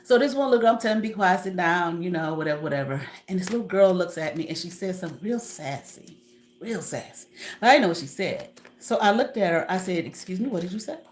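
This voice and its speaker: A woman content creator chatting to her live viewers about her days as a substitute teacher. Her voice sits a little low, and she tells stories with animated, profane asides and frequent laughter. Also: fast. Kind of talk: casual storytelling to a live audience.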